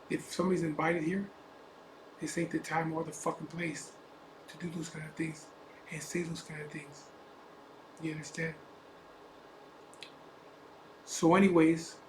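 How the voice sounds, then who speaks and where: Chicano biker guy cussing and ranting, fairly high voice, flat delivery, echoey room with faint hum behind. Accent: Chicano English. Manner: profane, defiant, repetitive asides. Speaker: biker vlogger. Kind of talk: blunt unscripted rant to camera.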